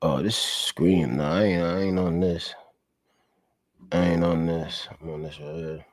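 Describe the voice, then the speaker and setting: A man's voice: deep voice, fairly even intonation, unhurried, no room sound, studio quality. A man hosting a casual livestream, talking loosely with lots of slang, repetition and profanity. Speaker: online commentary host. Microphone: streaming setup mic.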